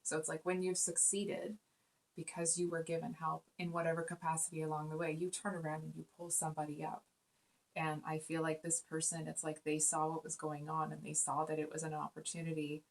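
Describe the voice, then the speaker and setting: A woman's voice: low-pitched, vocal fry. A woman giving a casual spoken tarot reading, earnest and rambling, with many fillers and restarts. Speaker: tarot reader.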